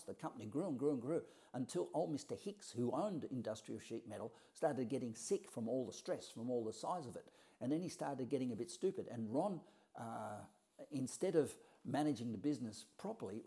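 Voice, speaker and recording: A man tells a story from his own life in a loose, conversational way. His voice is mellow and relaxed, and he sits at a middle pitch for a man. He is blunt, swears now and then, and acts out the back-and-forth dialogue as he goes. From Australia. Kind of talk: casual personal storytelling.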